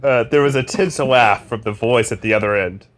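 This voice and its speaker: A man's voice: mid-range voice, moderate pace. A man co-hosting a comedy podcast, trading teasing, wry banter and narrating a book aloud. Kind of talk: casual banter and reading aloud.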